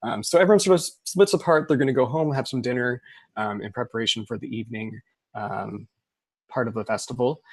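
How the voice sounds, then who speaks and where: A man's voice: medium pitch, fairly quick, a little mellow, husky, dry recording. A man narrating as game master in a casual tabletop game, with many fillers.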